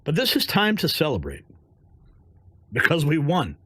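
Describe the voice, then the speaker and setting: Male commentary host, angry and mocking, slows down to hammer points, somewhat high pitch. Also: huge pitch swings, sharp tone, husky, dry recording. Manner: heated, sarcastic, drawn-out emphasis.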